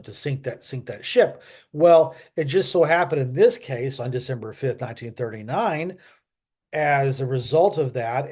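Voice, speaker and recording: A man's voice: medium pitch, a little mellow. A man hosting a history channel, talking casually and off the cuff, with lots of fillers, restarts and self-corrections. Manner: chatty, asks viewers to subscribe. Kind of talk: casual unscripted history talk.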